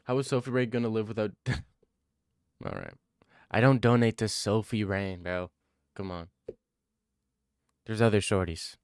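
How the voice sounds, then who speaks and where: A man's voice: fairly low pitch, fairly even intonation, measured pace, pauses often, clear, resonant tone, no echo, studio quality. A young man streaming, chatting casually, joking, laughing and swearing freely.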